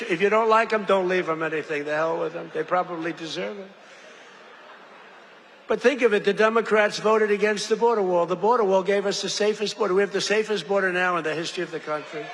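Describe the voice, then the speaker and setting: Rambling rally speaker, bright high voice. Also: male voice, a little fast. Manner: rambling, digressive, repeats phrases; jokey asides to the audience. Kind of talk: off-the-cuff rally speech. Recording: long hall reverb, faint background noise.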